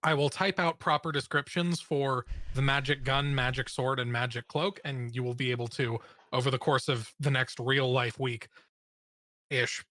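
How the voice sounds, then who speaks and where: A young man running a tabletop game as game master, talking casually with halting pauses and fillers. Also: medium pitch, no room sound, clean studio sound. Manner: relaxed, halting, with frequent fillers.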